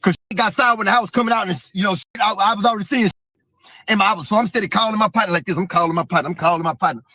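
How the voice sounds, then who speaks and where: A man's voice: high-pitched, racing, bright, forceful tone, no echo. A man telling a profane, vivid story as an interview guest. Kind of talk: casual storytelling.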